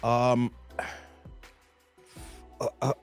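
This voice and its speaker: A man hosting a reaction video, commenting in an animated, preachy way and tacking "here" onto his sentences. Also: medium pitch, drawn-out words, smooth, faint music behind. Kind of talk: commentary on a played clip.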